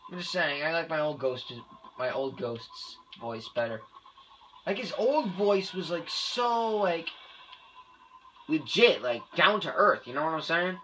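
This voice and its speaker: A young adult gamer giving let's play commentary, excitable, with loud outbursts and heavy swearing. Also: mid-range voice, measured pace, slight background noise. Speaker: gamer playing through a shooter.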